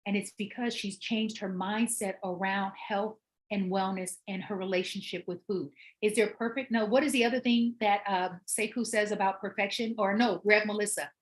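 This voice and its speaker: A middle-aged woman hosting her own show, telling a story as a personal trainer, animated and emphatic and repeating words for effect. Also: mid-range voice, normal speed. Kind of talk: storytelling monologue.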